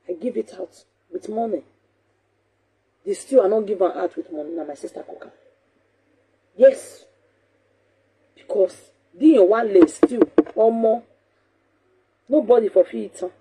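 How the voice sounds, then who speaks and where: A woman with a Nigerian accent hosting a talk show, talking casually in an animated, scolding way and repeating her points for emphasis. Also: mid-range voice, a little slow, long pauses, slight background noise.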